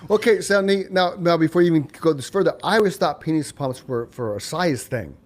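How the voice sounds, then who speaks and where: A man in his fifties co-hosting a casual talk show, joking and candid in an excitable way. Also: a little high, fairly quick, background noise. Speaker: co-host. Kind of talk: casual chat.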